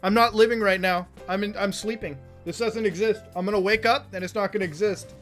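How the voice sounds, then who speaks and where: A woman's voice: medium pitch, steady tone, a little fast, a bit bright, soft background music. A woman streamer giving profane reaction commentary on a live stream, exclaiming and shrieking in disbelief.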